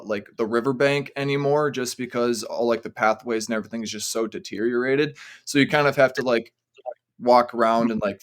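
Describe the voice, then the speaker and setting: A man who is a podcast guest, telling a story casually in rambling sentences full of "like" fillers. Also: medium pitch. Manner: rambling, heavy use of "like" fillers.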